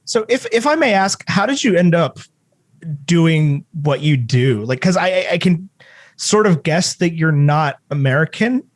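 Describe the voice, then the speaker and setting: A man's voice: fairly high pitch, very animated, a little slow. A man hosting a movie podcast, chatting casually and rambling through jokes and stories. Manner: rambling, joking, with many restarts. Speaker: podcast host. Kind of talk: casual interview chat.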